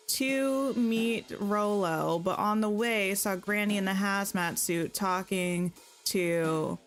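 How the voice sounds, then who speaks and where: A woman's voice: mid-range voice, a bit bright. A woman streamer chatting and reading narration aloud while playing a story game. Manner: chatty, laughing recap. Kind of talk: casual let's-play commentary and reading narration.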